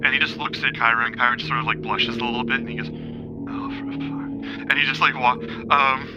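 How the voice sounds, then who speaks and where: A man running a tabletop game at a middling pitch, stumbling through ums and restarts as he narrates. The recording is a little muffled, with music playing clearly behind him. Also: fairly even intonation, very fast. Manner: hesitant, full of ums and restarts. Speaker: game master.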